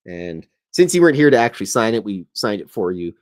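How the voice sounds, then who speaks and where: A man with a lowish voice hosts a casual stream, talking as he sketches. He rambles, jokes at his own expense and keeps up an easygoing, chatty flow. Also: big pitch swings, quick pace. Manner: rambling, chatty, self-deprecating. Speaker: show host. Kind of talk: casual livestream chat while drawing.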